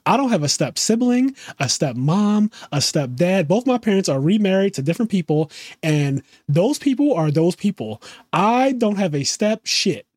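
A young adult man chatting casually as podcast co-host, animated and profane. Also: high voice, moderate pace, slightly rough, dry recording, studio quality. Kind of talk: casual chat.

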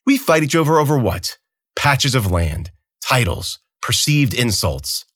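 A man voicing an arrogant, contemptuous emperor in an audiobook, sneering and theatrical, pitched above his own voice. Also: sing-song, measured pace, fairly bright tone, dry recording, clean studio sound. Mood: scornful. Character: arrogant contemptuous male emperor, bored and scornful. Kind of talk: audiobook character voice.

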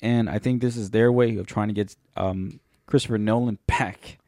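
A man's voice: on the low side, steady tone, moderate pace, warm tone, no room sound, studio quality. A man co-hosting a podcast in loose, rambling casual chat, swearing often. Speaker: podcast co-host.

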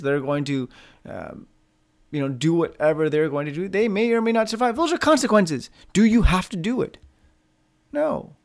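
A man's voice: normal speed, vocal fry. A man delivers a solo motivational podcast in a loose, conversational way. He is blunt and salty, tossing out swear words and rhetorical questions, and his voice climbs whenever he turns upbeat. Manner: lively, pitch rises when upbeat. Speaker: podcast host.

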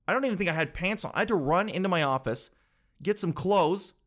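A young man telling a story in a casual, animated way, swearing freely and acting out what others said. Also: high voice, fast talker. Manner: animated, swears freely, acts out quoted voices.

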